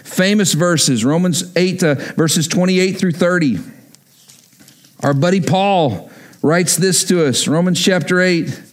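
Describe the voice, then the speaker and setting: A man's voice: high-pitched, takes it slowly. A man preaching a sermon, emphatic and repeating key lines for effect. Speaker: pastor.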